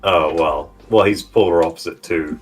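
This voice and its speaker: A man's voice: low voice, normal speed, breathy edge. A Scottish man in casual chat as a stream co-host, swearing freely and trailing off mid-sentence.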